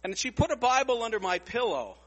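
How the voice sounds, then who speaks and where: A man preaches in a lively storytelling manner, his voice sitting high and swinging widely in pitch. He repeats words as he goes and acts out the lines of other people. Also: fairly quick, long reverb tail. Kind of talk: storytelling sermon.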